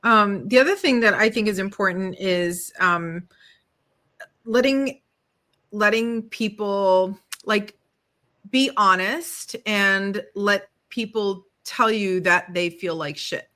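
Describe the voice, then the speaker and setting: A woman's voice: medium pitch, takes it slowly, bright, forceful tone. A middle-aged woman co-hosting a casual talk show, speaking candidly and animatedly, swearing freely and laughing often. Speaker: podcast co-host, studio owner. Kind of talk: casual conversation.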